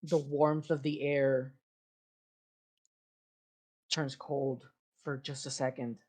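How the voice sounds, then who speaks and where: A game master narrates a tabletop scene at an unhurried pace. The narration is descriptive and improvised, full of fillers and self-corrections. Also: medium pitch, little pitch movement, a little mellow. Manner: descriptive, with frequent fillers and restarts.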